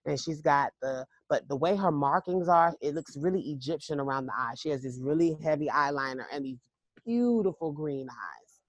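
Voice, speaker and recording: A woman's voice: deep voice, normal speed, no room sound. A woman casually telling a long personal story to listeners in a chatty, emphatic way with frequent restarts.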